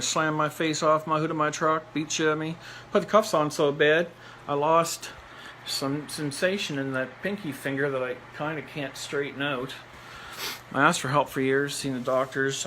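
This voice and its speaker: A man from Nova Scotia, Canada, tells a personal story bluntly and ramblingly, repeating phrases for emphasis and laughing in between. His fairly high-pitched voice is bright and forceful, captured in a rough recording with slight background noise.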